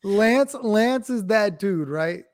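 High-voiced laid-back man sports talker. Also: animated, takes it slowly. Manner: laid-back, explains plays, casual slang. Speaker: guest co-host. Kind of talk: casual sports chat.

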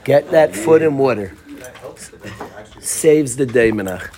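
A man's voice: medium pitch, expressive, takes it slowly, a crowd in the background. A man teaching a Torah class, telling a story and quizzing his students by name.

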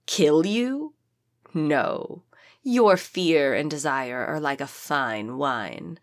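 A woman voicing an ancient, hungry female demon spirit in an audiobook, speaking slowly with menace and seduction. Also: sits low, animated, heavily acted. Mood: menacing, gloating. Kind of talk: audiobook character reading.

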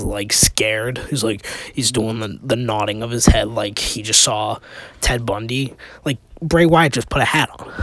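A man's voice: mid-range voice, a bit bright, no room sound. A man hosting a casual opinion podcast, rambling with restarts and rhetorical questions, sounding exasperated. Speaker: podcast host.

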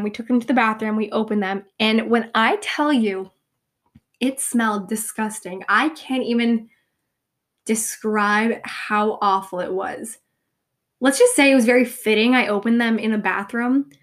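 A young woman talks casually into a close podcast mic, pitched a little high. She rambles and pokes fun at herself, with plenty of fillers. Her voice is slightly hoarse and fading. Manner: chatty, rambling, self-deprecating, lots of "like" and "um". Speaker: podcast host.

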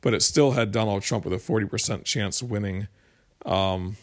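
A man's voice: on the low side, moderate pace. A man giving a casual, rambling commentary monologue to his viewers as a political commentator, often restarting sentences and explaining with homespun examples.

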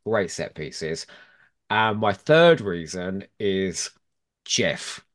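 A man's voice: low-pitched, very animated, extremely slow. A man in a casual podcast chat, arguing his picks with opinionated enthusiasm. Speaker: podcast guest.

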